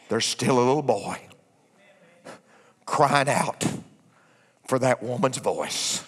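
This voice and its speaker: A man preaching a sermon, swinging from hushed asides to shouted lines. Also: medium pitch, very animated, a little slow, pauses often, slightly rough. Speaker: pastor. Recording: echoey church hall.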